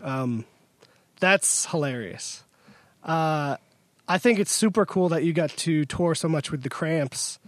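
A man's voice: fairly high pitch, slow pace, no echo. A man hosting a podcast, asking questions in casual chat and reacting eagerly. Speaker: podcast host.

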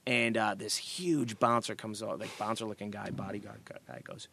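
A man's voice: fairly low pitch, moderate pace, gravelly, a little hiss or hum. A middle-aged man, a guest musician, telling stories in a podcast interview and acting out the people he quotes. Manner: animated storyteller acting out quoted voices.

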